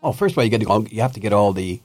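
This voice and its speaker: A man's voice: lowish voice, animated, racing, darkish tone, faint music behind. A man co-hosting a gardening radio show in a studio, with a dry, teasing way of talking. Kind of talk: casual radio chat.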